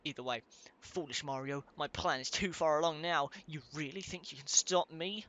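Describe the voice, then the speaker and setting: A man's voice: fairly high pitch, moderate pace, sharp tone, a little hiss or hum. Bowser, as a man puts him on in a mock accent. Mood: gloating. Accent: put-on accent. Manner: mock-menacing taunts read along with the game. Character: boastful villainous monster king, huge and menacing. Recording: game music clearly behind.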